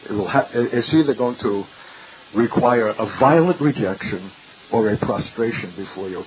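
An older man with a fairly low voice preaches a sermon at normal speed, earnest and searching, full of rhetorical questions. The recording is tinny and lo-fi with a faint hiss.

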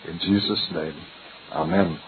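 A man's voice: sits low, steady tone, unhurried. An older man preaching a sermon in an earnest, searching way, full of rhetorical questions. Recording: tinny lo-fi recording with faint hiss.

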